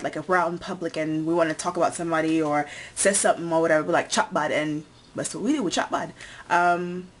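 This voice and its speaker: Young woman vlogging, lowish voice, lots of ums and likes, bit of hiss. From United States. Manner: chatty, filler-heavy, lists things one by one. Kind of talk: casual tag video chat.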